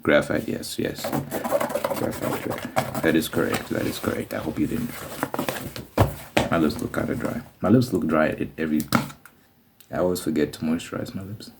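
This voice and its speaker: A man in whispered role-play as an ASMR creator, running a mock eye test and rambling jokily between whispers and soft talk. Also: very deep voice, fairly even intonation, moderate pace, gravelly, pauses often, heavy background noise.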